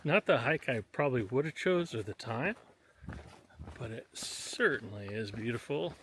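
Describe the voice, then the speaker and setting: A man hiking outdoors on a forest trail, chatting casually to the camera as he walks, pausing often. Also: mid-range voice, animated, fairly bright tone, slight background noise. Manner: chatty, unhurried, pauses often. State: panting on uphill. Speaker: hiker vlogger.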